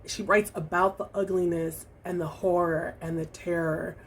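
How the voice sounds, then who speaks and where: A woman talking through her recent reading in a casual vlog, reflective and halting, with many fillers and restarts. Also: lowish voice, steady tone, slight background noise. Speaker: book vlogger. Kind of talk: casual book review vlog.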